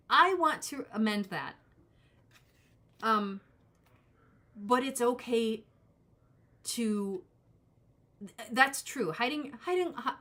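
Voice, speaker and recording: A woman's voice: fairly high pitch, pushed and bright. A woman in her forties giving a casual live-stream tarot reading, rambling and cutting herself off as she talks to her chat viewers. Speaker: tarot reader.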